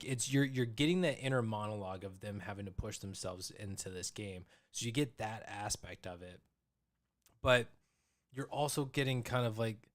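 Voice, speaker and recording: A man co-hosting a movie review podcast, talking casually and excitedly into a close mic, with quick restarts. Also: lowish voice. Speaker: podcast co-host.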